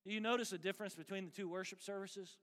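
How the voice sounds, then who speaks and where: A man preaching a sermon as pastor, emphatic and animated with dry humor. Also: sits high, fast talker. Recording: long reverb of a large hall.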